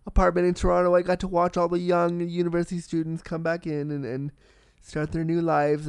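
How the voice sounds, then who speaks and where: A man hosting a solo podcast in a casual, candid and excitable way, swearing freely and talking with a slight cold. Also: fairly high pitch, smooth, no echo, clean studio sound. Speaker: podcast host.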